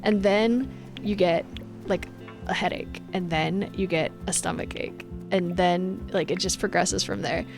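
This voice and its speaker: A young woman streaming live on Twitch speaks in a lowish, steady voice, a little slow, over music. Her casual chat with viewers is bossy and laughing, and she acts out what people say.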